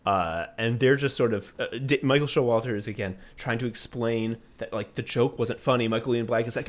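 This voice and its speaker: A man's voice: medium pitch, steady tone, fairly quick, few pauses. A man co-hosting a casual comedy podcast, retelling scenes eagerly, laughing often and swearing casually. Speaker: podcast co-host.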